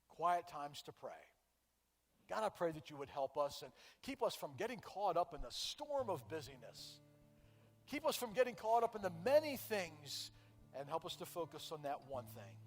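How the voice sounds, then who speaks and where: A man preaching as pastor, earnest and conversational, sometimes dropping to a soft prayerful tone. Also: a little high. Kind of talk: sermon. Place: church sanctuary. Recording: church hall with long reverb.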